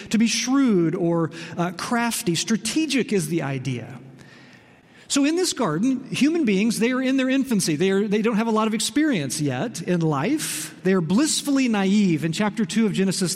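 A pastor preaching a sermon in an expressive, emphatic way, slowing down on key phrases. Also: male voice, sits high. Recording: long reverb in a large hall.

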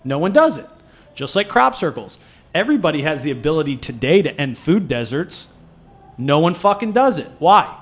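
A man co-founding a food nonprofit, talking in an animated, swearing, storytelling way in a casual podcast interview. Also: fairly high pitch, normal speed, breathy edge.

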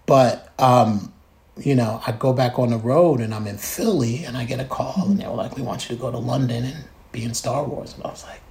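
A man telling a story in casual chat, acting out quotes with big jumps in pitch. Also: steady tone, brisk, creaky, a little mellow. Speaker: guest.

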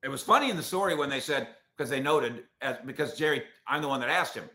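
A man's voice: medium pitch, fast, hardly any pauses, echoey room. A man hosting a casual sports talk show, ranting with strong opinions. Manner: opinionated, animated rants.

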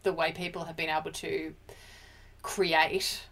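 A woman's voice: deep voice, little pitch movement, measured pace, creaky, fairly bright tone. A woman co-hosting a casual pop culture chat, emotional and chatty, often restarting her sentences. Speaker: podcast co-host.

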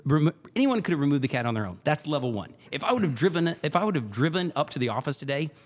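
Lively, fast-talking male podcast host. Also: fairly high pitch. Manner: animated, repeats phrases for emphasis. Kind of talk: casual podcast storytelling.

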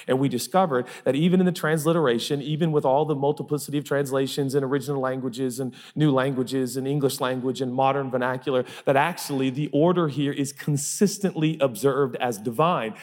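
A man's voice: mid-range voice, fairly quick, few pauses, darkish tone. A man preaching a sermon as pastor, emphatic and repeating phrases for effect, in a large church hall. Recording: long reverb of a large hall.

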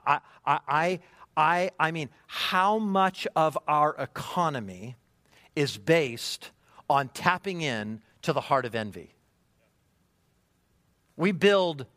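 A male preacher with a slightly raised voice drives his sermon hard, tossing out rhetorical questions and stumbling into quick restarts when he gets fired up. The sound is dry and close, with no room around it. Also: a little high, a bit bright, dry recording. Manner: emphatic, rhetorical questions, repeated "right?". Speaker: pastor.

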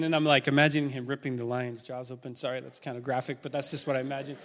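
A man preaching a sermon, retelling stories in an animated way that builds with excitement. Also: medium pitch, fast. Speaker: pastor. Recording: long reverb of a church hall.

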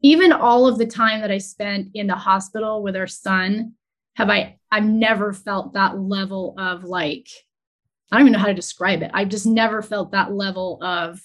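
Woman, guest, entrepreneur, earnest, halting, emotional storytelling. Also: medium pitch, steady tone. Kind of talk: candid conversational storytelling.

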